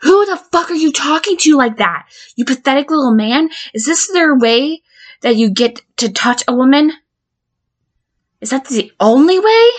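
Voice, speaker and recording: A woman's voice: on the high side, expressive, takes it slowly, fairly bright tone, exaggerated voice. A woman playing a volatile patient who blackmails her therapist, stammering and swearing as she swings between threats and pleading in an audio drama monologue. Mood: furious, threatening.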